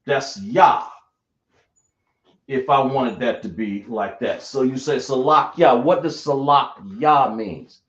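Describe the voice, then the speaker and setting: A man teaching a class live, explaining slowly and repeating himself as he checks that everyone follows. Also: mid-range voice, fairly bright tone. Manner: slow, repetitive explaining, checking the class often. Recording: echoey room, dull lo-fi sound.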